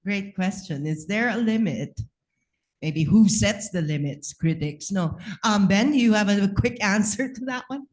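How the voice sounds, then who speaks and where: A woman moderating a panel discussion, brisk and courteous as she opens the floor to questions. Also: medium pitch, lively intonation.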